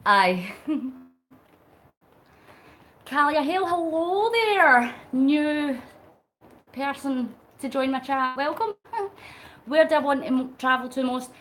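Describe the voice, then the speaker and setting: A middle-aged woman with a high-sitting, fairly bright voice chats casually on a live stream while pedalling a bike, with slight background noise. She speaks slowly with long pauses, laughs often, and reads out and answers viewer comments.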